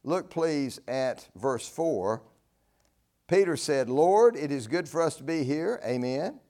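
A man's voice: a little high, expressive, slow, dark tone. A man from North Carolina, preaching a folksy, earnest sermon. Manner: earnest, folksy, rises to emphatic peaks.

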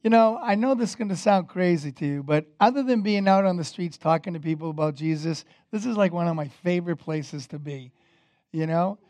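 A man preaching a sermon as pastor, energetic and conversational, with casual fillers. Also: sits high, a little fast, no room sound.

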